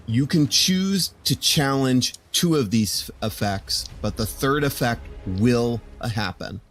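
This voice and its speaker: A man narrating a tabletop game as game master, slow and measured, with many fillers. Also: lowish voice.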